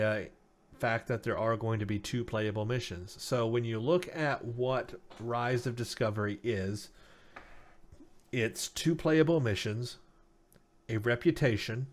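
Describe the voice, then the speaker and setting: A man's voice: mid-range voice, slow pace, long pauses. A man hosting a casual game news update who sounds tired and says he is losing his voice, talking with many ums and uhs as he reads out stats. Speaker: gaming news host.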